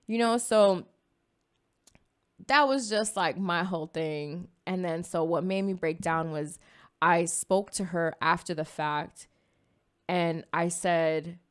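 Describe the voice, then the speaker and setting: A woman co-hosting a podcast in casual chat, telling a personal story with lively energy and acting out her own quoted words. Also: on the low side, slow, clear, resonant tone. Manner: animated storytelling, acts out her own quoted words, frequent "you know what I mean". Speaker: podcast co-host.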